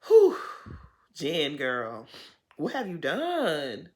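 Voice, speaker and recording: Woman with a lively, swooping recap voice. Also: low-pitched, drawn-out words. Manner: expressive and sympathetic, talks straight to the people on screen. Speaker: TV recap host. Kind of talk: casual reality-TV recap commentary.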